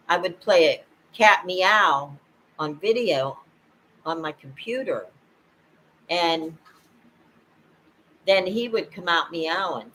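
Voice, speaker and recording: An older woman talking casually to camera at home, rambling and halting, with frequent laughs. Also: lowish voice, a bit bright, a little hiss or hum, rough recording. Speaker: vlogger. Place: at home, indoors.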